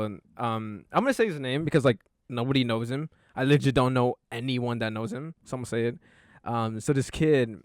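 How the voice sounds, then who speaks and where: A man's voice: medium pitch, a little mellow, smooth, no echo, studio quality. A young man hosting a casual podcast, telling a story in a rambling way full of fillers. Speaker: podcast host.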